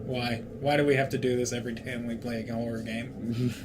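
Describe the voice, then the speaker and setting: A man's voice: medium pitch, flat delivery, fairly quick, background noise. A young man co-hosting a casual let's-play, joking and swearing wryly. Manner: profane, joking and wry. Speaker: gaming co-host.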